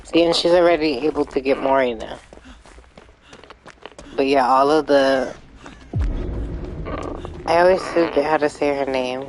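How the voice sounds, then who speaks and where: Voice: medium pitch, a little slow, pauses often, noisy background. A live streamer chatting casually and rambling through gameplay commentary, sometimes swearing when frustrated.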